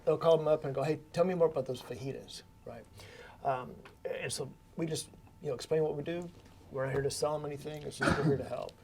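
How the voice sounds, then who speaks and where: A man's voice: a little high, steady tone, quick pace, slight background noise. A man who invests in real estate, explaining his approach in a folksy way with everyday analogies in a casual podcast chat.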